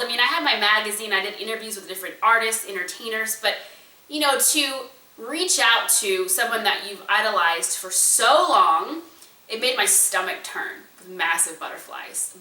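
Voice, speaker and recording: A woman entrepreneur and speaker telling a personal story to an audience in an animated, conversational way. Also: medium pitch, far from the mic. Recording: roomy echo, voice a bit away from the mic.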